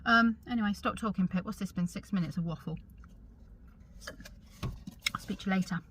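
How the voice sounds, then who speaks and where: A woman's voice: mid-range voice, a bit bright, a little hiss or hum. Chatty woman vlogging. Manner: chatty and rambling, with pauses and self-corrections. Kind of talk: casual chat to camera.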